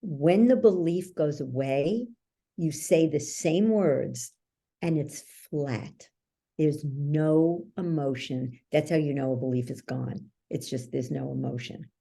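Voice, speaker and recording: Low, slow, creaky and warm describes the voice of this woman, a guest belief-change coach being interviewed. She shares stories to explain ideas and regularly checks in with the listener.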